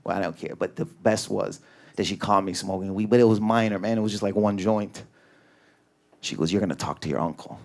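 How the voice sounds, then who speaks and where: A man performing stand-up comedy in a club, telling stories in an animated way and acting out his family members. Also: on the low side, normal speed, gravelly. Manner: animated storytelling, acts out family members, grows loud and excited.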